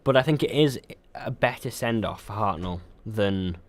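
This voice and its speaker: A man's voice: on the low side, lively intonation, moderate pace. A young man co-hosting a podcast in casual chat, rambling with frequent ums and restarts. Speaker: podcast co-host.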